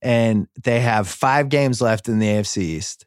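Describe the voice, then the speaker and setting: A man hosting a sports podcast, chatting casually with mock-sentimental excitement in quick rising bursts. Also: medium pitch, clear, resonant tone, no room sound, clean studio sound. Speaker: podcast host.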